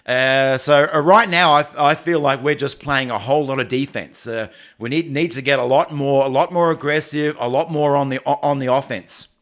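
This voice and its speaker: An Australian man hosting a casual livestream, chatting and answering viewer comments in a halting way, often restarting and repeating phrases. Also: mid-range voice, a bit bright. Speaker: livestream host.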